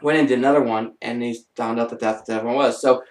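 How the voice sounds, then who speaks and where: A man rambles through a wild true story in a loose, lively vlog voice. He sits back from the mic, and the room rings around him. He keeps jumping into other people's voices along the way. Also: fast. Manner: animated, rambling, acts out quoted voices with big pitch jumps. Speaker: vlogger. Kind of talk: casual first-person storytelling. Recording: roomy and distant from the mic.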